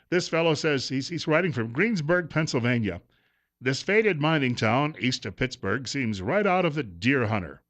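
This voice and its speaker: A man's voice: medium pitch, fairly bright tone. Middle-aged man, talk radio host, combative and sarcastic solo monologue. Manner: sarcastic, combative, reads quotes aloud.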